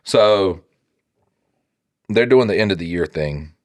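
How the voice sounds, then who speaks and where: A man in his thirties co-hosting a podcast, telling stories in a casual, profane, animated way. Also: low voice, takes it slowly, dry recording. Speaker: podcast co-host.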